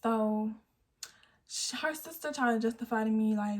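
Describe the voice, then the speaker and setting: An eighteen-year-old woman tells a storytime vlog, acting out everyone's lines as she goes. Her voice sits a little high, and she is recorded on a phone camera. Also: moderate pace. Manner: animated storytelling, acting out quotes. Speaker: vlogger.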